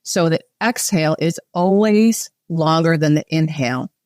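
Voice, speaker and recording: Woman, breathwork guide, calm and instructive, dry room. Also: sits low, normal speed, no echo. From United States. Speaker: breathwork facilitator guest. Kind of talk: guided breathing and podcast chat.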